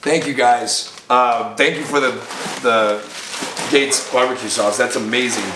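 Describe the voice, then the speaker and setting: An excitable, chatty man opens mail sent in by viewers, talking casually in a mid-pitched voice and now and then breaking into loud excited cries. His voice bounces around an echoey room, with a faint hiss underneath. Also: a little slow. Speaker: bar owner and vlogger. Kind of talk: casual mail-opening vlog.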